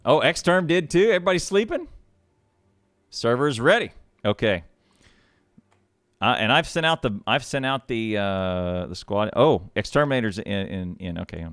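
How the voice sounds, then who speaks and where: A man hosting and casting a game match on a live stream, chatty and quick to laugh. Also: medium pitch, lively intonation, a bit bright, clear, resonant tone, no echo, studio quality. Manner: chatty, with lots of laughs and restarts. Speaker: shoutcaster and match host. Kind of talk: casual live stream talk.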